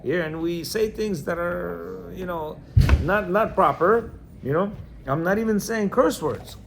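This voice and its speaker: Reading passages from a book during a religious class, a man explains each one plainly and checks in with those listening, speaking in bursts with many restarts. His voice is high and unhurried with vocal fry, and there's background noise.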